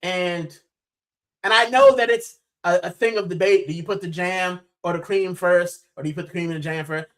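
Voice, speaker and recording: A man's voice: high-pitched, steady tone, normal speed, a bit bright, rough recording. A man from Puerto Rico hosting a football channel's live stream, chatting casually and animatedly, with plenty of "bro".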